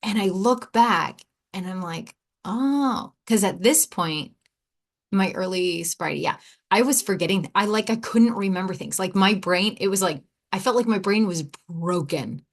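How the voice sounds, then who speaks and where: A woman's voice: mid-range voice, moderate pace. Chatty woman in her thirties. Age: 30s. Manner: animated, quotes people in lively voices, laughs often. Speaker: podcast host. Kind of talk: personal storytelling podcast.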